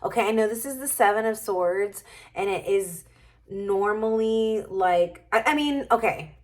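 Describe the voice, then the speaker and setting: Speaking slowly and without hurry in a middle-pitched voice, a woman casually reads tarot cards to camera for her viewers. She muses and thinks aloud as she goes.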